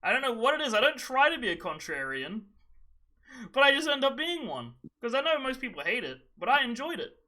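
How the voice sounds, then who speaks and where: A young man hosting a casual gaming podcast, his voice high and piercingly bright. He rants with plenty of swearing and mockery and breaks into laughter often. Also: big pitch swings, brisk. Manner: profane, mocking, laughs often. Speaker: podcast host.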